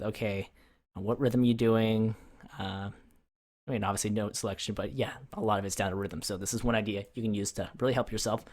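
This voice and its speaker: A man giving a casual music tutorial. He rambles in a relaxed way, uses lots of fillers, and hums rhythms aloud to show his points. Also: mid-range voice. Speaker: music producer teaching.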